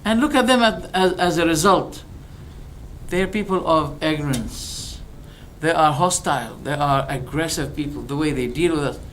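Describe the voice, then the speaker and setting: A man giving a religious lecture as a preacher, animated and rhetorical, firing off questions and acting out exchanges. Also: fairly high pitch, normal speed, a little hiss or hum. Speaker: Islamic preacher.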